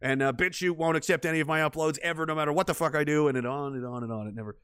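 A man's voice: a little high, racing, fairly bright tone, clean tone, no echo, studio quality. A man from Western Canada, hosting a livestream and reading viewer messages in a crude, profane, joking way. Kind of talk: casual livestream chat.

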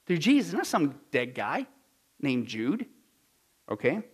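A man's voice: fairly high pitch, wildly swooping pitch, takes it slowly, breathy edge. A man preaching a sermon, reading passages aloud and answering them with rhetorical questions and sarcastic asides.

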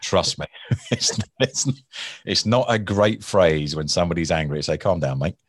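A man with an extremely deep, low voice talks through his experience in a relaxed interview. He repeats himself and restarts sentences, then acts out heated exchanges with lively energy. The sound is dry and close, with no room echo. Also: normal speed. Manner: animated storytelling, acts out angry people. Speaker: guest, former hostage negotiator. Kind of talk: conversational interview.

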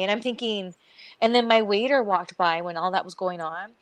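A woman's voice: mid-range voice, moderate pace, no echo. A woman co-hosting a casual podcast who tells her stories with energy, slipping into the voices of the people she quotes and breaking into laughter. Her voice sits in a middle register. It is recorded close and dry. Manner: animated storytelling, acting out quotes, laughing often. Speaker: podcast co-host. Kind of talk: casual chat.

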